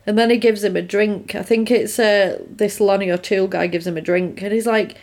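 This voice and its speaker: A woman's voice: mid-range voice, fairly even intonation, darkish tone. Chatty woman recapping a film. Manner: chatty, retells scenes with quick quoted voices. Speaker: podcast co-host recapping a film. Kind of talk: casual chat.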